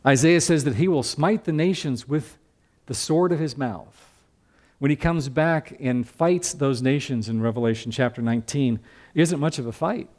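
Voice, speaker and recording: A man's voice: medium pitch, moderate pace, darkish tone. An older man preaching a sermon as a pastor, teaching from scripture in a conversational way and asking the congregation questions.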